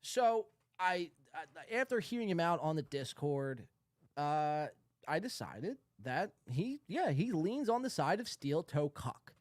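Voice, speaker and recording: A man's voice: on the high side, very animated, a little slow, darkish tone, no room sound. A man hosting a podcast, ranting in a sarcastic, profane, rambling way. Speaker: podcast host. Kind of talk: ranting commentary.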